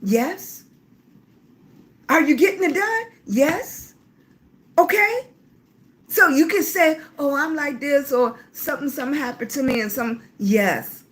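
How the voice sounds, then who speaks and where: Middle-aged woman, high voice, livestream host, casual chatty, affectionate, occasional cough. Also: animated, unhurried, long pauses. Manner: talkative, warm-hearted, calls viewers baby. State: coughing at times.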